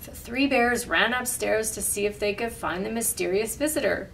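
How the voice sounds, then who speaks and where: A woman reading a storybook aloud with animated, expressive delivery, then leading a simple craft. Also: fairly high pitch, moderate pace, gravelly, distant mic.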